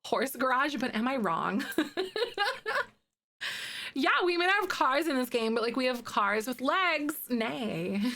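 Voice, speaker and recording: Chatty young woman streamer, bright voice, kinda high, lots of likes. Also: expressive, slow pace, long pauses, a little hiss or hum. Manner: bubbly, chatty, many "like"s, answers chat. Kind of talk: casual chat while playing.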